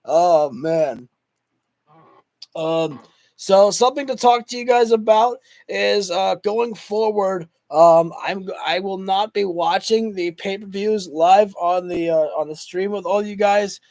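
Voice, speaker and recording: A man hosting a wrestling livestream who talks casually to his chat, rambling and excitable with lots of fillers, and is losing his voice. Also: sits high, slow, dry recording. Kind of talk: casual live commentary to chat.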